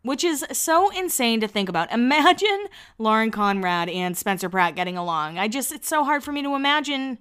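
A young woman hosting a podcast and recapping a reality show in casual chat, laughing often and slipping in quick quoted asides. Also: a little high, fairly bright tone, clear, resonant tone.

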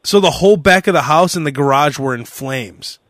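A young man hosting a casual podcast, telling a story in a lively way and acting out the shouting of the people in it. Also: a little high, brisk, no echo, studio quality. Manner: animated storyteller who acts out shouted quotes. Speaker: podcast host.

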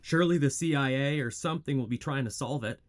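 A man's voice: medium pitch, fast, natural voice. An actor playing a level-headed young man who talks through ideas in a matter-of-fact way. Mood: calm.

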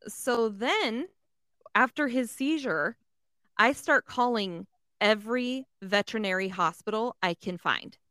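A woman from the San Antonio area telling a story in a casual, animated chat, swearing freely. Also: on the high side, unhurried, no echo, studio quality. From San Antonio area, Texas. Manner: animated, swears freely, acts out other people's lines.

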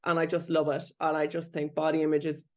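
A woman's voice: low-pitched, completely flat delivery, fast talker. Candid woman coach as podcast guest. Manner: candid, self-deprecating, laughs through phrases. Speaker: body image coach and researcher.

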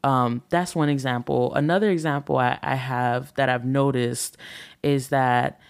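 A woman's voice: a bass voice, steady tone, unhurried, gravelly, smooth. A woman in her thirties who hosts a relationship talk show. She talks in a candid, reflective monologue that rambles with fillers.

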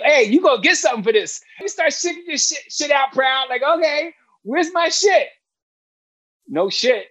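Husky, emphatic middle-aged man. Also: medium pitch, no room sound, low-quality recording. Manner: emphatic, candid, swears freely. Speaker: guest film director. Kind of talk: casual interview conversation.

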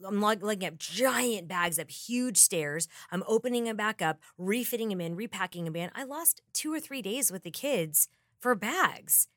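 A woman's voice: medium pitch, lively intonation, moderate pace, a bit bright, no echo, clean studio sound. A woman guest on a podcast, talking emphatically and retelling her stories dramatically. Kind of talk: casual interview chat.

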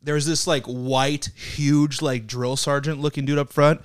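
A man's voice: a little high, little pitch movement, measured pace, clear, resonant tone, no room sound, clean studio sound. A man co-hosting a podcast, telling rambling stories in casual chat, laughing and swearing often. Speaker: podcast co-host.

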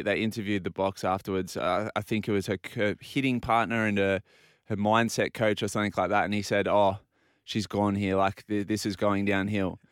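A man's voice: fairly low pitch, a bit bright, clear, resonant tone, no room sound, studio quality. A man co-hosting a radio show, chatting casually and telling stories. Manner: talkative, tells stories, acts out quotes. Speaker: radio co-host. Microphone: studio microphone.

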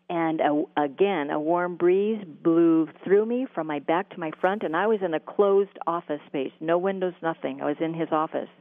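A woman interviewed as a guest, telling a long story about her spiritual channeling in a halting way, with many fillers and restarts. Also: on the low side, dry recording. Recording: phone-like line with a dry sound.

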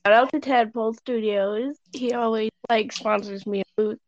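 A woman's voice: on the high side, fairly even intonation, normal speed, no echo, dull audio. A woman with a Southern US accent, a guest chatting in an easygoing, giggly way. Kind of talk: casual interview chat.

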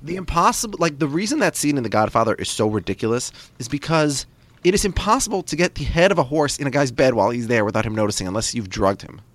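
A man's voice: medium pitch, expressive, no echo. A man hosting a casual podcast, joking and going off on tangents. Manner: quick, joking, digressive. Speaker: podcast host.

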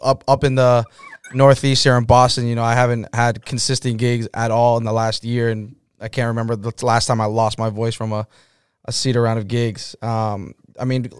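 A man hosting a podcast, introducing his guest in a relaxed, conversational way. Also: mid-range voice, moderate pace, clean tone, dry recording. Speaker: podcast host. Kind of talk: casual podcast interview. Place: Boston.

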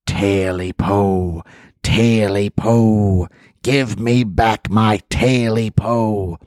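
A spooky red monkey-like creature, as a man puts it on in a storytelling podcast, drawing each word out slowly and menacingly. The voice sits a little low and strange, close and dry with no room sound. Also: steady tone, a little mellow, dry recording. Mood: eerie. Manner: slow, drawn-out, menacing chant. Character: vengeful red monkey-like creature, growling and eerie.

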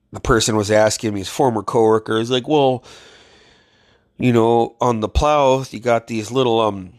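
A man's voice: lowish voice, dry recording, clean studio sound. A man telling stories in a blunt, profane, ranting way, venting in a casual video diary while sick with covid. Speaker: vlogger.

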